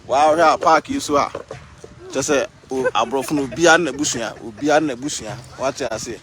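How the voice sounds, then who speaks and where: A man's voice: mid-range voice, fast, fairly bright tone. A man with a Ghanaian accent chatting casually to the camera while out in a city park, repeating and stretching words. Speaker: vlogger. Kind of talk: casual outdoor vlog talk.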